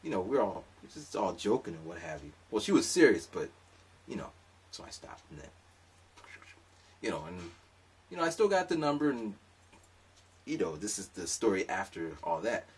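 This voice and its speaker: A man's voice: on the low side, big pitch swings, normal speed, long pauses, husky, distant mic. A man telling a rambling, comic story in a casual monologue, full of asides. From lives in Japan.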